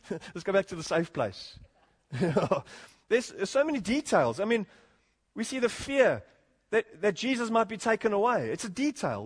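Delivering an earnest expository sermon, a man with a high, slightly rough voice often builds to emphatic points and chuckles in between. The recording carries a long hall reverb.

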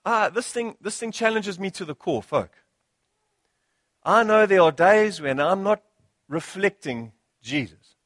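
High-voiced South African pastor preaching. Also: male voice, animated, measured pace, pauses often, fairly bright tone, dry recording, clean studio sound. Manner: rhetorical, repeating phrases and asking "Hello?". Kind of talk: sermon.

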